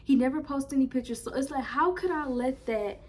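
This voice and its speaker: A woman's voice: sits high, brisk, a little hiss or hum. Chatty young woman telling a story. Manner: animated, chatty, lots of "like" and slang. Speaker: storytime vlogger. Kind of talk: casual storytelling to camera.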